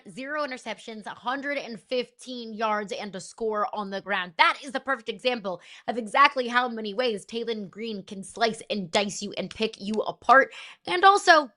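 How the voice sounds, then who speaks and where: Woman on a sports show making her pitch, fairly high voice, punchy and rhetorical. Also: pushed and bright. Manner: emphatic, rhetorical, lists stats.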